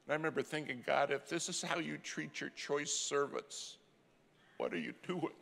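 A middle-aged man preaching a sermon as a dramatic story, swinging from loud cries to hushed, near-whispered lines. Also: fairly high pitch, normal speed, gravelly. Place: church sanctuary. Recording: long church hall reverb.

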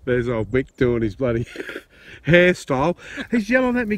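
An excitable Australian man chatting and joking outdoors in a paddock while metal detecting. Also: mid-range voice, moderate pace, dry recording. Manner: excitable, jokey, laughs often. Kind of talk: casual outdoor vlog chat.

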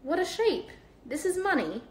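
A woman voicing an eager, chatty young schoolboy wizard in a storybook reading, her voice pushed high and bright. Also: big pitch swings, moderate pace, reverberant. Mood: excited.

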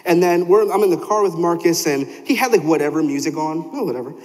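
A man's voice: a little high, expressive, fast talker, a little mellow. A young man preaching a sermon in a church, telling stories animatedly and acting out quoted voices. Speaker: pastor. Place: church sanctuary. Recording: long hall reverb.

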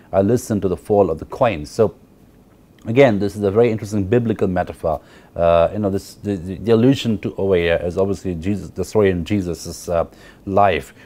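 A man's voice: low voice, dark tone. A man giving a university literature lecture. He explains at length, repeats key phrases and often checks with the class by asking "right?".

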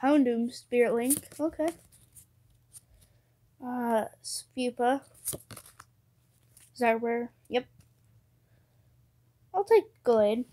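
A woman chatting casually to herself and her viewers while opening trading card packs, muttering card names and breaking into excited cheers. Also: on the high side, drawn-out words, pauses often.

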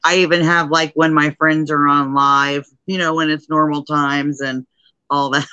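Bright-voiced chatty woman laughing often. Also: low voice, level tone, moderate pace, clean tone, dry recording, dull audio. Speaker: crafter on a live stream. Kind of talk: casual chat. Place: at home in her dining room.

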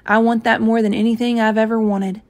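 A woman voicing a sweet, eager little girl in a read-aloud storybook, bright and pleading. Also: fairly high pitch, level tone, fairly quick, lightly acted.

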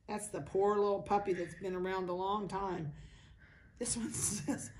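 A dog breeder with a Midwestern American accent chatting casually indoors, cooing baby talk at puppies and voicing their thoughts. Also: female voice, fairly low pitch, normal speed, darkish tone, a little hiss or hum. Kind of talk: casual chat to puppies and camera. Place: indoors at a kennel.

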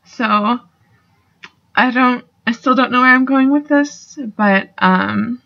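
A woman's voice: a little high, slow pace, creaky. A young woman talking casually in a video response, rambling with fillers and casual swearing, a little emotional. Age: young adult. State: getting emotional. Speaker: student vlogger. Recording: dull lo-fi recording.

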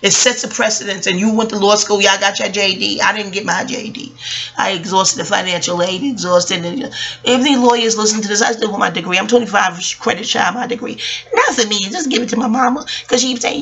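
Swearing and fired up, a woman in her forties rants on her vlog, drifting between jokes and side comments. She has a mid-range voice, a fairly bright tone, and talks a little fast.

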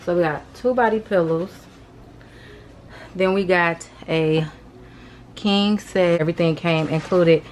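A young woman talking casually through a shopping haul vlog, addressing viewers as y'all, rushed and a bit out of breath. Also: on the low side, a little hiss or hum. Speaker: vlogger.

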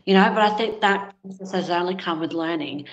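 A woman in her thirties speaks as an interview guest, recounting a story candidly with plenty of fillers. Her voice sits a little low. The recording sounds slightly dull and lo-fi. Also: a little fast. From Australia. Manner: candid, conversational, frequent fillers.

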